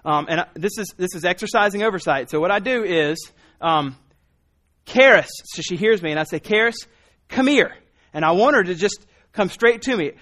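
A man's voice: sits high, quick pace, few pauses, a bit bright. A man in his thirties preaching a sermon, telling a family story in a loose, conversational way with frequent restarts. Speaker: pastor.

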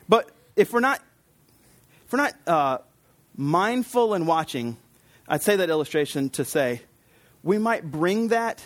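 Chatty preacher with a higher male voice. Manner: chatty, storytelling, with quick asides and laughs. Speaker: pastor. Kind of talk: conversational sermon.

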